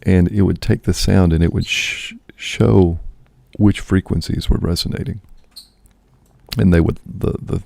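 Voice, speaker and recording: Very deep gravelly man musing. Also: fairly even intonation, a little slow, a little mellow, no echo. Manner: musing, thinks aloud with frequent "right?". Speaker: priest and podcast host. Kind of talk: casual spoken reflection.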